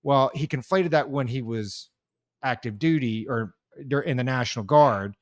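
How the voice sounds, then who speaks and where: A man's voice: medium pitch, moderate pace, dry recording, studio quality. A man co-hosting a casual podcast talk, a veteran who speaks in heated, rambling bursts with many restarts. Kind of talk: casual chat.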